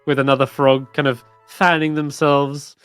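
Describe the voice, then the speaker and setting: A man's voice: mid-range voice, flat delivery, moderate pace, fairly bright tone, clean tone, no room sound. A man narrates a tabletop fantasy game in a loose, filler-laden way. His middling voice is recorded close and dry, with light music underneath. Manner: casual, rambling with fillers. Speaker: dungeon master.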